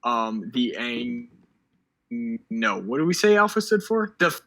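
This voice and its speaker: A man's voice: medium pitch, big pitch swings, a little slow, bright, forceful tone, rough recording. A teenage boy co-hosting a live stream, quizzing and joking in loose, rambling banter. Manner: joking, rambling word associations. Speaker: podcast co-host.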